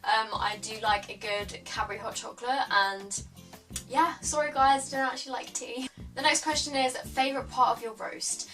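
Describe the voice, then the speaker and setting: A young English woman rambles cheerfully through a vlog, leaning on "like" and "um" and laughing off her own answers. She sits a little back from the microphone, so her voice sounds slightly distant, and music plays clearly under her talk. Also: a little high, steady tone, normal speed, bright, forceful tone. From England. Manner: chatty, lots of "like" and "um", self-deprecating. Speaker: beauty vlogger. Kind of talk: casual chat to camera.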